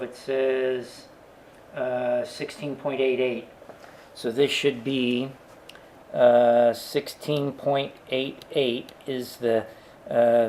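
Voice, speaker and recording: A man talks through a calculation step by step in a slow, unhurried way. His pitch sits in the middle range, and he pauses often with fillers as he works things out aloud. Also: darkish tone, a little hiss or hum. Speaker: engineering instructor. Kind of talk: worked example lecture.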